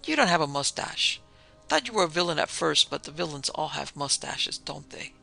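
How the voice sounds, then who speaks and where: A man's voice: on the high side, lively intonation, normal speed, sharp tone, soft background music, full character voice. A man doing a wisecracking talking gorilla. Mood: gruff. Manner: gruff street-slang banter.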